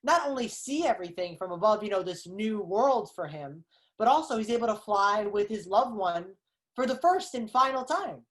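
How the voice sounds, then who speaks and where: A woman guest on a podcast, talking a movie over in lively, analytical casual chat and acting out her reactions. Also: medium pitch, normal speed. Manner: animated, analytical, acts out reactions.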